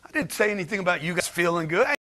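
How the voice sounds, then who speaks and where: A man's voice: high-pitched, lively intonation, rapid-fire, sharp tone. A man giving a blunt, slangy motivational talk to a livestream chat, firing rhetorical questions at his audience. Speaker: motivational speaker.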